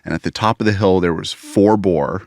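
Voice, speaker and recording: A man on church staff, casually telling a story with animated energy and frequent laughs. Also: deep voice, normal speed, no room sound, clean studio sound.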